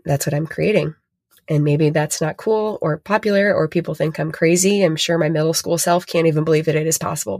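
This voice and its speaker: A woman's voice: low voice, no echo. A woman hosting a podcast, talking earnestly and emotionally with lots of fillers as she motivates listeners. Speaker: podcast host and retreat facilitator.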